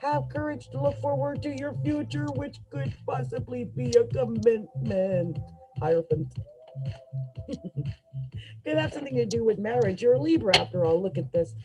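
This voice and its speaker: A woman giving a casual tarot reading, chatty and upbeat, talking straight to the listener with quick bursts of laughter. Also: fairly high pitch, music in the background, poor audio. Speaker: tarot reader.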